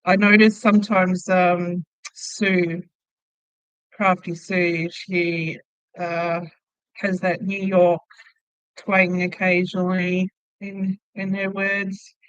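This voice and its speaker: A woman's voice: lowish voice, little pitch movement, slow, smooth, no echo, poor audio. An Australian woman chatting casually with viewers on her crochet livestream, telling stories and laughing often. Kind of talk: casual live chat reading viewer comments.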